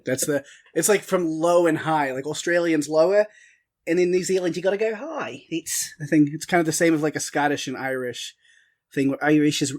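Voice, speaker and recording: A man's voice: fairly high pitch, moderate pace, darkish tone. A man from Texas co-hosting a podcast in casual chat, self-deprecating and laughing often. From Texas, USA. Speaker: podcast co-host.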